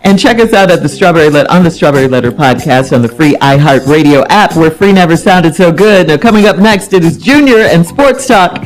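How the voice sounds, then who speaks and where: A man hosting a radio advice segment, tossing in brief affirmations and reading plugs smoothly. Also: on the high side, expressive, fairly quick, few pauses, soft background music, rough recording. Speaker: radio show host.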